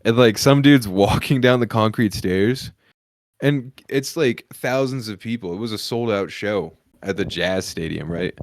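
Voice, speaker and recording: A man's voice: fairly low pitch, measured pace, no echo, studio quality. A man hosting a comedy podcast, telling crude, profane stories in casual chat and laughing often as he talks.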